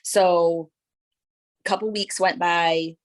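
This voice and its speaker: A woman telling a personal story as a guest, lively and full of "like" and "right?", acting out what others said. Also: fairly low pitch, slow. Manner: animated storytelling, acting out quoted voices; frequent fillers like "like" and "right?". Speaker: guest sharing her story. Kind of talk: personal testimony.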